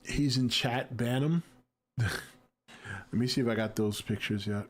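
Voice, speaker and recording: A man's voice: medium pitch, unhurried. Laid-back man reading live chat. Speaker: livestream host reading chat. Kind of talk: casual chat.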